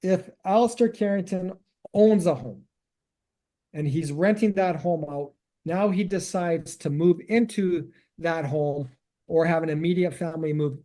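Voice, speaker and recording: Man, podcast co-host, explains step by step, warm mellow tone, slightly high pitch. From Canada. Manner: explains step by step, recaps points. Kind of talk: casual podcast chat.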